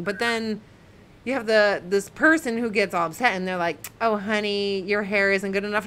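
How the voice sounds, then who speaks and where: A woman's voice: medium pitch, sharp tone. A woman co-hosting a casual podcast, ranting heatedly and swearing a lot as she reads viewer comments. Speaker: podcast co-host.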